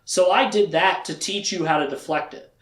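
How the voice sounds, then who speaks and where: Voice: medium pitch, moderate pace, close to an everyday voice. A storyteller voicing a blunt witch who sees the future. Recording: roomy echo.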